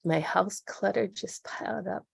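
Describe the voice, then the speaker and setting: A woman's voice: mid-range voice, unhurried, creaky, breathy edge, no room sound, clean studio sound. A middle-aged woman speaking as a podcast guest, earnest and reflective as she talks openly. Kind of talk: candid interview conversation.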